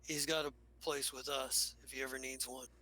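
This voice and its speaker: A man's voice: medium pitch, level tone, moderate pace, sharp tone, rough recording. A man voicing a friendly, amused stranger who is leaving the group.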